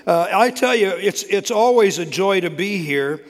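A man's voice: sits high, expressive, measured pace, big-room sound. A man from the American South with a faint Southern accent, preaching as a guest speaker in a church, exclamatory and full of restarts. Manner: warm, exclamatory, frequent restarts. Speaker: guest preacher, state coordinator. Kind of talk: church sermon. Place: church sanctuary.

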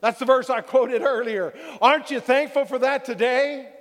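A man's voice: very high voice, fairly even intonation, normal speed, a bit bright, big-room sound. A male pastor preaching a sermon, calling out "Amen?" to the congregation and acting out everyday quotes. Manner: preaching with call-and-response "Amen?" and acted-out quotes.

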